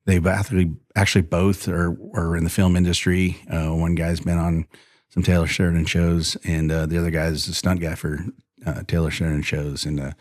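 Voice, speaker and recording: A man's voice: sits low, brisk, no room sound, clean studio sound. A man telling stories as a podcast guest, rambling with fillers and restarts, often laughing and acting out what others said. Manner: animated storyteller who acts out other people's lines and laughs often. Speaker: podcast guest, rodeo bullfighter and horseman. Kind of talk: casual storytelling interview.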